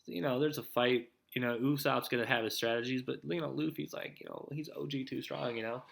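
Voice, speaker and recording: A man's voice: mid-range voice, fairly even intonation, fairly quick, vocal fry. A young man hosting his own show, giving a rambling, casual recap of anime episodes, full of "like" and "dude". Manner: laid-back, rambling, heavy on "like" and "dude". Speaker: show host.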